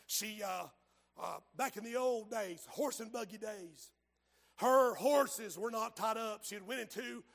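Male preacher, raspy fry, fiery hushed-to-shouting sermon. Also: sits high, unhurried. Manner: fervent, dramatic preaching that swings from hushed to shouted.

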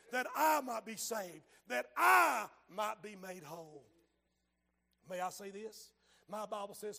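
Male preacher, raspy fry, fiery hushed-to-shouting sermon. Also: extremely high pitch, animated, measured pace. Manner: fervent, dramatic preaching that swings from hushed to shouted.

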